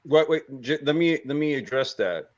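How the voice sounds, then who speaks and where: A man who is a guest on a casual panel chat, talking in an animated, profane way and repeating himself. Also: on the high side, moderate pace. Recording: lo-fi remote audio.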